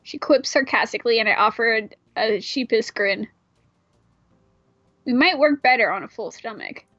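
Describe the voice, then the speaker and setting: A woman reads a fan-made game aloud with casual, irreverent asides, her voice slightly higher than most. The recording sounds dull and dry. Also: moderate pace, fairly bright tone, no echo. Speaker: player reading a game aloud. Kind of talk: casual read-through of a visual novel.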